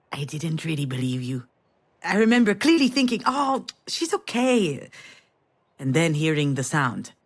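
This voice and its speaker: An actress playing a weary middle-aged mother who tells a family memory softly and intimately in a video game. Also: sits low. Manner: soft, intimate storytelling. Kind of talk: game voice acting.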